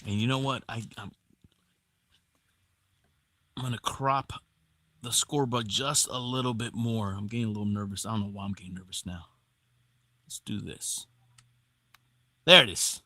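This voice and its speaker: A man calling live baseball play-by-play on a stream, excitable on big plays and chatting casually with viewers between pitches. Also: normal speed, long pauses, no room sound.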